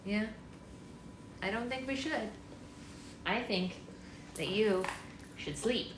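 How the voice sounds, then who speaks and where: A woman's voice: medium pitch, huge pitch swings, measured pace, pauses often. A woman hosting a casual livestream read-along at home, chatting and laughing while talking to her baby and to viewers. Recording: roomy with noisy background.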